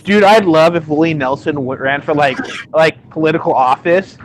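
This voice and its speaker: A man chatting casually with friends as co-host, excitable and quick to laugh. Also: fairly high pitch, slight background noise. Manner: excitable, laughs often, does silly voices. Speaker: podcast co-host. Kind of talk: casual group chat.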